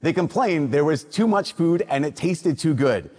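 A man's voice: a little high, normal speed. A man from Minnesota, a priest, reading the Gospel and preaching a casual, conversational homily in a church. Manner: conversational storytelling with lively quoted voices. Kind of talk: sermon. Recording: long church reverb.

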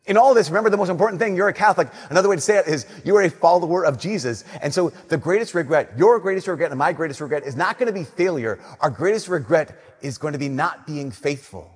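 Husky-voiced male preacher in echoing church. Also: fairly high pitch, expressive. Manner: conversational preaching, slowing and softening on key lines. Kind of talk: sermon.

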